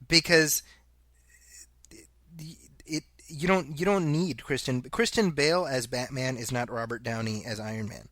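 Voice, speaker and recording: A man chats casually as a podcast co-host, reading out listener comments and laughing easily. His voice is bright and forceful. The sound is dry and close. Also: medium pitch, measured pace, no room sound. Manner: reads listener quotes aloud, laughs often. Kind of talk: casual chat.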